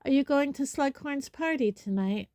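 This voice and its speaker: A woman's voice: high-pitched, expressive, moderate pace, darkish tone, no echo, studio quality, voice pushed up. A woman reading a storybook, voicing a clever teenage schoolgirl with a sweet, pointed manner. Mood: sweetly pointed.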